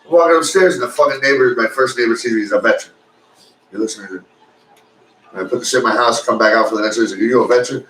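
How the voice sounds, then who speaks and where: A man's voice: mid-range voice, rapid-fire, a bit bright. A man co-hosting a podcast in casual chat, telling rambling, profane stories and laughing often. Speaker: podcast co-host. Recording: echoey room, mic at a distance, faint noise.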